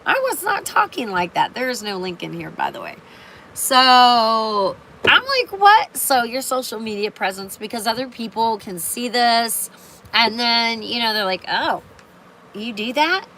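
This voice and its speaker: A woman's voice: fairly high pitch, animated, normal speed, sharp tone, slight background noise, rough recording. An older woman talking on a casual livestream in a rambling way, with many fillers and restarts. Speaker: live streamer.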